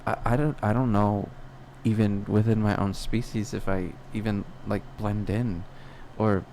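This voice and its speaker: Slow, gravelly man musing to himself. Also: fairly low pitch, steady tone, mellow, slight background noise. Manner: rambling, self-questioning, many restarts and fillers. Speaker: podcast host. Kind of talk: personal reflective monologue.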